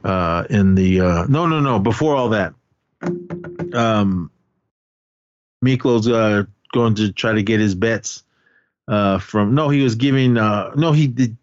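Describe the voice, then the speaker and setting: Low-voiced man rambling through a movie recap. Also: takes it slowly, long pauses, dry recording, muffled recording. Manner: rambling, many restarts and fillers. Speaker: podcast host.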